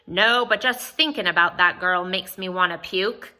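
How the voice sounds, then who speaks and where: A woman's voice: fairly low pitch, moderate pace, sharp tone. Seasick Irish companion, read by a woman, loyal, spirited, teasing, storybook voice.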